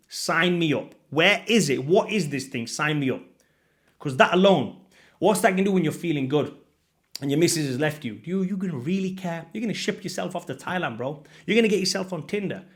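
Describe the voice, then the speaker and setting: Emphatic man pushing hard, repeating himself. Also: fairly high pitch. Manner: emphatic, repetitive, pushy. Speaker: fitness coach. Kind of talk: direct-to-camera motivational talk.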